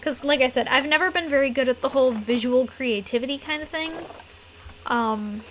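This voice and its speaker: A woman chatting casually on a live stream while she plays, rambling with lots of fillers and giggles, her throat a little rough. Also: high voice, fairly quick, faint music behind. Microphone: desk mic in a closed room.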